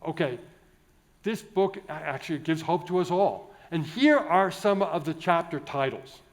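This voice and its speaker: A man's voice: fairly high pitch, expressive, moderate pace. A man, a Catholic priest from the United States, giving a jovial, digressive conference keynote full of restarts and asides. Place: large indoor conference hall.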